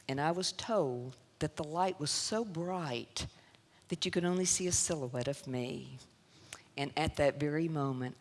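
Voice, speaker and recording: A woman with a Southern US accent giving an emotional personal testimony to a church audience, telling her story with laughter and sorrow. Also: extremely low pitch. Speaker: guest speaker. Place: church sanctuary. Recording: long church hall reverb.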